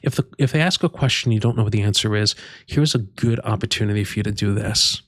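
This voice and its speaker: A man presenting career advice in an unhurried, measured way, with frequent fillers and restarts. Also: fairly low pitch, dry recording, studio quality. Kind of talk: instructional talk to camera.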